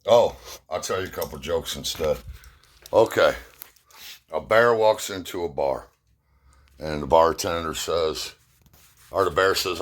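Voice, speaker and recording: A man's voice: low voice, moderate pace, long pauses. A middle-aged man casually telling rambling, profane, self-mocking stories and jokes to his viewers. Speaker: vlogger. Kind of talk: casual storytelling.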